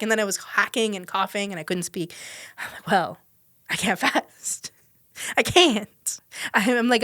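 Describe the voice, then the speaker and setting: A woman's voice: a little high, fairly bright tone, no room sound, clean studio sound. A young woman hosting a podcast, telling a personal story in a chatty, self-deprecating way and laughing often. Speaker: podcast host. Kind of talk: casual storytelling monologue.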